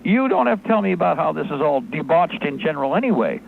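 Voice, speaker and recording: A male talk radio host rants in a sarcastic, rapid-fire monologue, his high voice swinging widely in pitch. The sound is narrow and phone-like, with a faint hiss beneath it. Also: big pitch swings, gravelly. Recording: tinny phone-line audio, faint noise.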